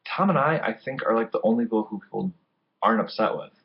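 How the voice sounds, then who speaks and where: A man's voice: fairly low pitch, animated, quick pace, creaky. A man in a game confessional, listing rivalries in a matter-of-fact way. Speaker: online reality game player. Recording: dull lo-fi audio.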